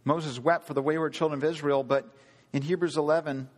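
A man preaching a sermon, earnest, asking the congregation rhetorical questions and slowing down for emphasis. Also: a little high, steady tone, in a large hall. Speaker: pastor.

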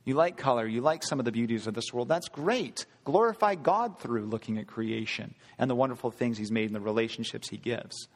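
Earnest male preacher in a reverberant hall. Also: medium pitch. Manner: earnest preaching with rhetorical questions and slowed emphasis. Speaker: pastor. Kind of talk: sermon.

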